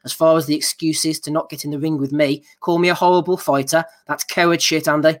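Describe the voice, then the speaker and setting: A man's voice: fairly high pitch, flat delivery, fairly quick. A man hosting a casual boxing podcast, reading out listener nominations with dry, mocking asides. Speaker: podcast host.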